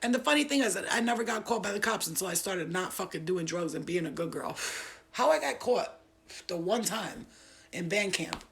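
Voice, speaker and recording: A young woman from upstate New York spinning a wild story with loose street slang and plenty of cursing. She keeps breaking into laughter. Her voice is gravelly and husky. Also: mid-range voice, animated, normal speed. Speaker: vlogger. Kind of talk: casual storytelling.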